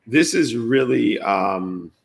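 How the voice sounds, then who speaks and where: A man's voice: medium pitch, expressive, slow, vocal fry. Blunt, casual man radio co-host. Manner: blunt, profane, laughs easily. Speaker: morning show co-host.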